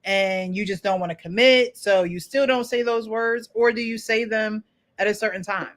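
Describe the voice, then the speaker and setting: Animated woman hosting a casual chat. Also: medium pitch, moderate pace. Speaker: host.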